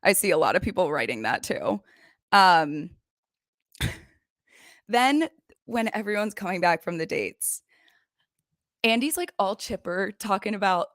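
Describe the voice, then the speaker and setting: A young woman hosting a casual recap show, retelling scenes in a gossipy, animated way. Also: medium pitch, measured pace, pauses often, no room sound, clean studio sound. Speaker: recap podcast host. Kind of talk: casual chat. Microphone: desk microphone.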